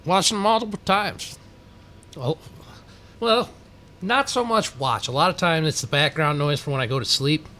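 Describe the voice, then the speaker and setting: A man's voice: a little high, lively intonation, normal speed, long pauses, bright, forceful tone, a little hiss or hum. A man co-hosting a podcast in casual chat, bantering loosely and laughing often. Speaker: podcast co-host.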